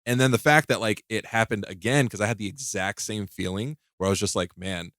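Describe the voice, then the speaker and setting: A man hosting a podcast in casual chat, talking with halting restarts and stammered repeats, joking and laughing at his own stories. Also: lowish voice, fairly bright tone, no echo, studio quality. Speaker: podcast host.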